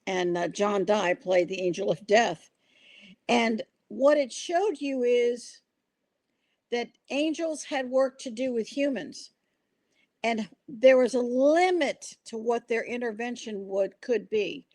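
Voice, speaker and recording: The older woman hosting this casual podcast takes her time, her voice on the high side with a darkish tone. She tells stories earnestly but rambles and restarts. The recording is dry.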